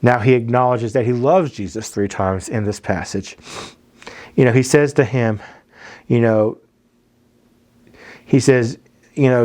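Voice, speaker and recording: A man's voice: mid-range voice, steady tone, unhurried, long pauses, a little mellow. A man with a Southern American accent, a youth pastor teaching a Bible passage in a casual, conversational way, often restarting and repeating words.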